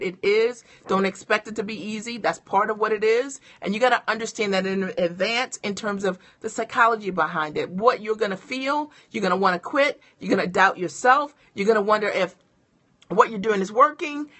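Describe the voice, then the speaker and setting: Bright-voiced woman coaching with energy. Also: mid-range voice. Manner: energetic and encouraging, addresses viewers directly. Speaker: business coach. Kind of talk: motivational live-stream talk.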